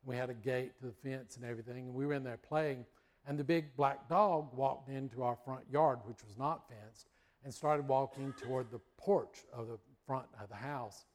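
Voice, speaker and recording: A man's voice: mid-range voice, normal speed. A middle-aged man from the United States preaching a sermon, telling a childhood story in a folksy way. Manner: folksy storytelling, acts out voices and barks.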